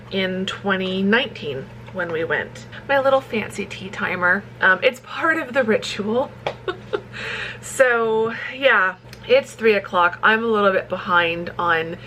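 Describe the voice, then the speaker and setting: A woman's voice: medium pitch, unhurried, a bit bright, a little hiss or hum, poor audio. A woman author chatting casually in a home vlog, rambling and laughing often as she makes tea. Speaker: romance author vlogger. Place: at home, kitchen.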